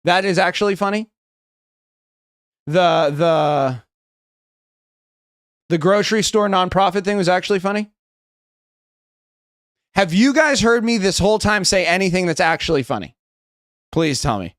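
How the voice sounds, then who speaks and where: Rambling American man, slightly high. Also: expressive, measured pace, long pauses, a bit bright, no room sound, clean studio sound. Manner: rambling, self-mocking, restarts a lot. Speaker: streamer trying out stand-up jokes. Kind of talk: casual live-stream joke rehearsal.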